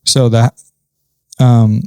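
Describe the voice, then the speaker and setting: A man's voice: mid-range voice, level tone, very slow, darkish tone, clean tone, dry recording. A man talking casually through a farming game setup, thinking aloud with frequent ums. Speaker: gaming channel host. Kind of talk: casual gameplay commentary.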